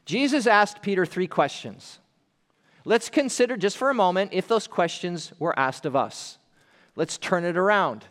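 A male pastor preaching an earnest, emphatic sermon, slowing down to stress key phrases and dropping his voice for weight. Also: fairly high pitch, a bit bright. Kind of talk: expository sermon. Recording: long reverb of a large hall.

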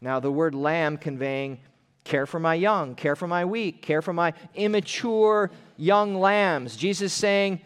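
A male pastor preaching an earnest, emphatic sermon, slowing down to stress key phrases and dropping his voice for weight. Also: a little high, a bit bright, clear, resonant tone. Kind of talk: expository sermon. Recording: long reverb of a large hall.

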